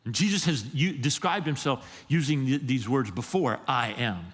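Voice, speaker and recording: A man's voice: medium pitch, lively intonation, normal speed. Easygoing, emphatic male pastor preaching in a reverberant church sanctuary. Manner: conversational, emphatic, repeats words while building a point. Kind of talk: sermon. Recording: long reverb of a church hall.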